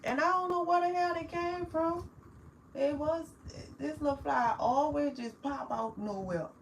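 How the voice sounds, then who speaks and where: Chatty New woman, fairly high voice. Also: unhurried, creaky, slight background noise, rough recording. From New Orleans, Louisiana. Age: 40s. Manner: chatty and affectionate, calls viewers baby, laughs often. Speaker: livestream host. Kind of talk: casual livestream chat with viewers.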